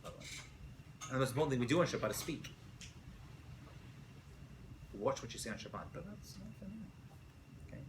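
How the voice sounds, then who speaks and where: A man, a rabbi, giving a casual classroom lecture to students, animated and often checking in with "right?". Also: medium pitch, a little hiss or hum. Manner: animated, asks students questions, frequent "right?". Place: college lecture room.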